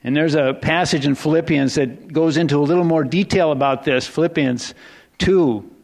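A man with a slightly high voice preaches a sermon in a casual, conversational style. He often restarts his sentences, drops into hushed low asides and then climbs into excited emphasis. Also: normal speed. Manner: conversational, rambling with restarts and self-corrections. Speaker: pastor.

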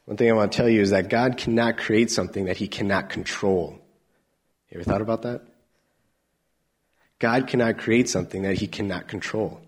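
A man preaching a sermon, animated, swinging from loud emphatic lines to soft near-whispers. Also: fairly low pitch, a little fast, long pauses, husky.

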